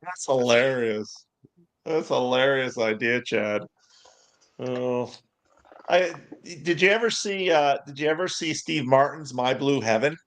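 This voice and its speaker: A man's voice: mid-range voice, animated, unhurried, a bit bright. A man, a pastor, talking frankly and steadily in a casual chat over a video call. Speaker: pastor, guest.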